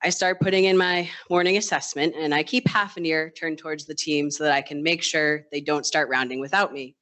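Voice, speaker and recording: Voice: mid-range voice, steady tone, fairly quick, a bit bright. An ICU nurse telling a true personal story on stage in a conversational way, with dry self-deprecating humor and acted-out snippets of colleagues and patients. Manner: acts out quoted voices of others. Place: live storytelling stage event.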